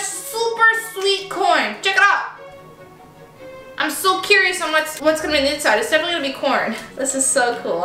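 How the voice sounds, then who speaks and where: A woman vlogger unboxing toys in a casual, gushing and excitable way, chatting to her stuffed animals as she goes. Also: high voice. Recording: echoey room with faint music.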